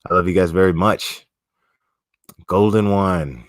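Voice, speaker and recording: A man's voice: low voice, a little slow, no echo, studio quality. Laid-back swearing man on a livestream. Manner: profane, laid-back, slangy, talking to chat. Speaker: livestream host. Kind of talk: casual livestream chat.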